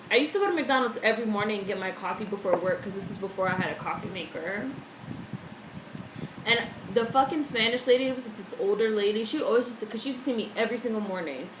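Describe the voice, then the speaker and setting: A woman chatting casually on a live stream, swearing freely and reading out viewer messages from home. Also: a little high. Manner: chatty, swears freely, reads chat aloud. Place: home room, indoors. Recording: echoey room with faint background noise.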